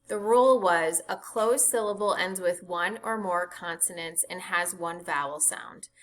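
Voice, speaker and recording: Slow, bright-voiced woman teaching phonics. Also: mid-range voice. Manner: slow, deliberate, spells out letters and sounds. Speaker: reading teacher. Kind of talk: scripted phonics lesson.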